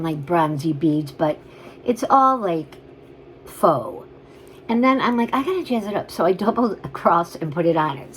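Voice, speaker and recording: A woman's voice: on the low side, a little hiss or hum, low-quality recording. Chatty woman selling vintage jewelry. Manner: chatty, rambling, gushing over pieces. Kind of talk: casual on-camera selling chat.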